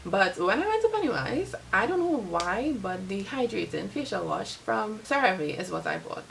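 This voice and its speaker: A woman's voice: medium pitch, sing-song, moderate pace, gravelly, fairly bright tone, a little hiss or hum, rough recording. A young Trinidadian woman vlogging casually to camera, rambling with lots of filler words. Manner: chatty, rambling, many "like" fillers. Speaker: beauty vlogger.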